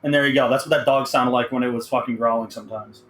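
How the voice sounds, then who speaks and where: A man's voice: mid-range voice, fairly even intonation, fast, fairly bright tone. A man chatting casually on a podcast, rambling through stories with lots of swearing and laughter. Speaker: podcast co-host. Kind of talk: casual chat. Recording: echoey room with faint background noise.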